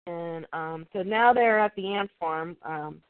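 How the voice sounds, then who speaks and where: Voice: mid-range voice, unhurried, smooth, no echo. A comic book reviewer casually recapping an issue, rambling and reading the dialogue aloud plainly. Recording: tinny, dry phone-like sound.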